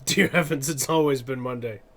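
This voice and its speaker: A man's voice: medium pitch, moderate pace, fairly bright tone. A man streaming live, chatting casually in a rambling way, laughing often and correcting himself. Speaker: streamer and artist.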